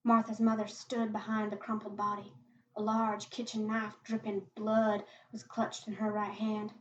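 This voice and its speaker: A woman podcast host reading a short story aloud in a steady, quiet narrating voice. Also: mid-range voice, moderate pace, slight background noise. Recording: echoey, distant, muffled home recording.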